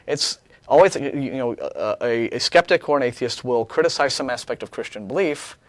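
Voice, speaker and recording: Animated and a little fast, a mid-range male voice belongs to the co-host of a call-in show who makes sarcastic, rambling casual chat full of restarts. No room sound is audible.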